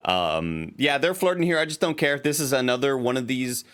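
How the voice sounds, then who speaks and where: A man's voice: medium pitch, animated, moderate pace, a bit bright, clean tone. A young adult man co-hosting a casual chat, recapping a TV episode in a rambling, profane way with many fillers and restarts. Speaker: podcast co-host.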